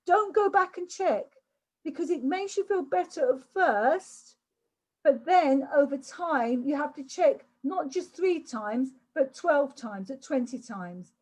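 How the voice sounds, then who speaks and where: A woman's voice: high-pitched, lively intonation, slow pace, a little mellow, rough recording. An older woman from England giving a chatty online workshop talk over a video call, often repeating words and restarting. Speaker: workshop speaker.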